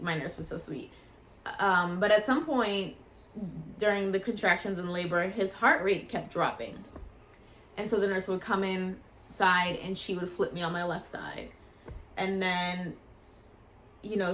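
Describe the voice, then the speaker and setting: A woman vlogger casually telling a personal story in a chatty, animated way, acting out what people said. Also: fairly low pitch, a little hiss or hum. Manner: chatty and animated, acts out quoted voices.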